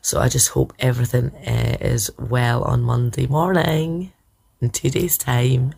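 A woman's voice: a bass voice, fairly even intonation, measured pace, creaky, darkish tone. A woman hosting a podcast gives a personal vlog update, talking in a hesitant, rambling way full of fillers. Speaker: podcast host sharing a personal journey.

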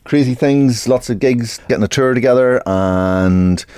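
A man's voice: medium pitch, measured pace, darkish tone, clear, resonant tone, no room sound. A man being interviewed on radio as a guest comedian. He talks in an easygoing, chatty way about his plans. The sound is dry and close, with no room around the voice.

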